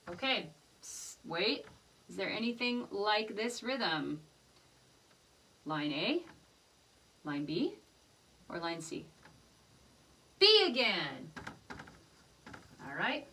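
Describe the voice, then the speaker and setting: A woman's voice: medium pitch, big pitch swings, slow, long pauses. A woman teaching a rhythm lesson, singing short phrases and then speaking the rhythm syllables. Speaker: music teacher. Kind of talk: rhythm lesson with sung examples. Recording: distant mic with loud background noise.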